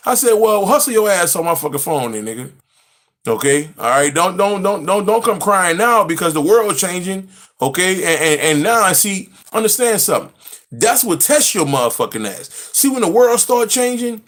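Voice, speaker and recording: A man reading a spiritual text aloud and preaching on it, emphatic, repetitive and profane. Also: sits high. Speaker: spiritual teacher.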